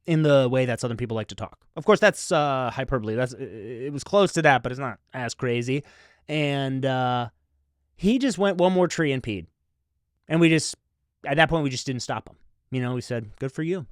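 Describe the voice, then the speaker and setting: A man hosting a comedy podcast, telling a rambling story with deadpan, mock-serious asides. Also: mid-range voice, moderate pace, dry recording, studio quality. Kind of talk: comic storytelling.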